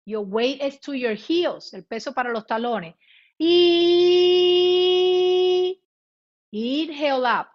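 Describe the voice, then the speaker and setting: A woman guiding a chair yoga class, giving cues in both English and Spanish and demonstrating loud vocal sounds. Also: a little high, expressive, normal speed, few pauses. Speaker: yoga instructor. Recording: muffled lo-fi recording.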